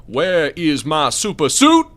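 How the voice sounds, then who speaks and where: Swaggering cursing tough guy, impression by a man, slow and loud, bright edge. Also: a little high, huge pitch swings, voice pushed up, full character voice. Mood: demanding.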